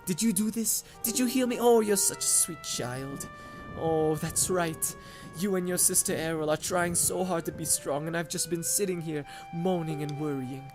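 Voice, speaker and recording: Old grandma, kind and worried, a man doing the voice; slow, soft, doting, pitched up, game music under. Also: lightly acted. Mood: tender, remorseful. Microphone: condenser mic.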